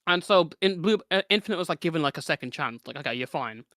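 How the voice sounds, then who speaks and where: Young man rambling with a high, bright voice. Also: animated, fast, no room sound, clean studio sound. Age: teens. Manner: rambling storytelling with many fillers and restarts. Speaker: guest. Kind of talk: casual chat.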